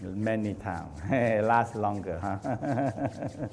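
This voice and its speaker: A man teaching a live workshop in non-native English, animated, laughing often and firing questions at the audience. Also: lowish voice, drawn-out words, gravelly. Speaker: Taoist teacher. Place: training center hall.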